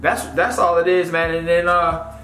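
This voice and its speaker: A man's voice: a little high, fairly even intonation, moderate pace, bright, forceful tone. A man hosting his own commentary video, talking bluntly and scornfully in a rambling, casual way. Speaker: commentary channel host. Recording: echoey room with faint music.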